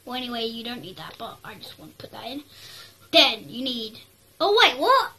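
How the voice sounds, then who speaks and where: Excitable high-voiced girl gamer. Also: a little fast, slight background noise, poor audio. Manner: rambling, excitable, talks to herself. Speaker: gaming YouTuber. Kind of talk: casual gameplay commentary.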